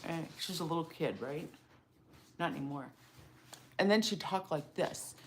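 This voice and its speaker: A middle-aged woman co-hosting a casual live talk about donkey training, chatty and quick to laugh. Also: lowish voice, very animated. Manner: warm, chatty, laughs often.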